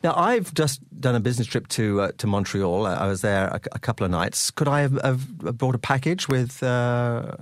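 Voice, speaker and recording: Canadian man as radio host, mid-pitched voice, conversational with halting restarts, dry close mic. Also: expressive, no echo. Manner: conversational, drives questions with hesitant restarts. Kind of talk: casual radio interview.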